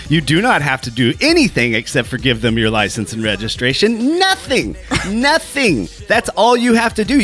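A man's voice: medium pitch, a bit bright. A man co-hosting a podcast, ranting with heavy profanity and emphatic repetition. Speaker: podcast co-host. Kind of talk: casual podcast chat.

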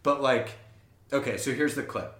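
Rambling, swearing podcast co-host. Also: male voice, mid-range voice, normal speed, a bit bright, echoey room. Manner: rambling storyteller, swears, acts out voices. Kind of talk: casual chat.

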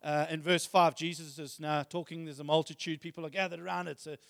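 In a brisk, slightly high voice with little pitch movement and some vocal fry, a preacher retells scripture in everyday terms. He reads passages with building force; the studio-clean recording has a long hall reverb.

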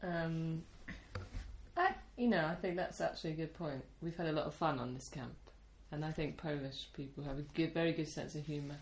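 Brief: British woman guest, low soothing voice, hesitant and reflective, echoey room. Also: brisk, a little hiss or hum. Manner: soft-spoken, thoughtful, hesitant with fillers. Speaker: interview guest. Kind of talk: casual interview chat.

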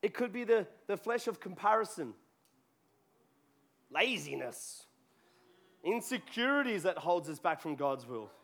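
A man's voice: sits high, big pitch swings, a little slow, gravelly, pauses often, fairly bright tone. A man preaching a sermon to a congregation in a church, talking conversationally and joking with people in the room. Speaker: pastor. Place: church hall before a congregation.

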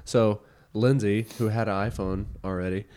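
Young guy, lowish voice, rambly casual podcast storytelling. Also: steady tone, normal speed, dark tone. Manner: rambling storyteller, laughs a lot. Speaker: podcast co-host. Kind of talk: casual chat.

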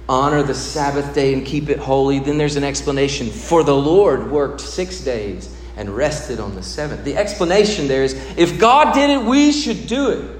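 A man with a high voice preaches a sermon in a large hall, and the long reverb trails after his words. He swings between raised emphasis and hushed, drawn-out low passages. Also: a little hiss or hum. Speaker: pastor.

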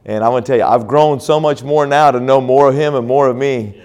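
A man in the pastor's role tells his story at a church conference in a mid-pitched voice. He speaks in sermon-testimony fashion, restarting often and leaning on fillers as he goes. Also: fairly even intonation, fairly quick, darkish tone.

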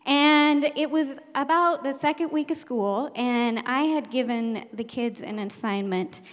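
A woman with a fairly high voice tells a true story from her teaching days before a live audience. She is animated and laughs often, acting out the lines she shouted. Her voice carries a long hall reverb. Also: measured pace.

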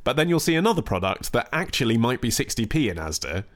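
A man's voice: medium pitch, big pitch swings, fast. A man co-hosting a podcast, explaining things in a wry, chatty way and reading out listener questions. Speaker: podcast co-host. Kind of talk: casual chat.

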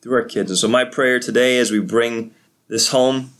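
A man's voice: medium pitch, steady tone, normal speed, a bit bright. A middle-aged man, a pastor, giving an earnest and encouraging devotional talk to parents on a podcast.

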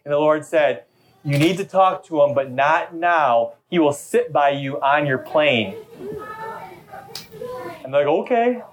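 A man's voice: on the high side, a little slow, a little hiss or hum. Talkative preacher man, storytelling sermon. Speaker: pastor. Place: church service.

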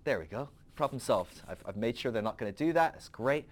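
A man's voice: mid-range voice, lively intonation, fairly quick, close to an everyday voice. A man doing an offhand, breezy creator god. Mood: instructing. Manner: chatty and offhand. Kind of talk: comic retelling in a podcast.

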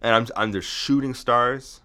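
A man co-hosting a podcast, telling a deadpan comic story in a rambling way, full of restarts. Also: mid-range voice, unhurried, smooth. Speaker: podcast co-host.

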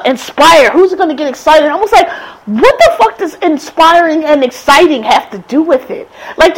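A woman's voice: sits high, low-quality recording. A woman delivering a blunt, profane, exasperated opinion monologue as a political commentator.

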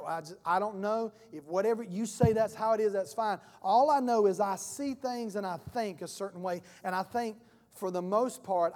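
High-voiced guy preaching a sermon, folksy, does the voices, big church echo. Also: a little mellow. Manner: folksy, acts out voices in stories. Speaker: pastor.

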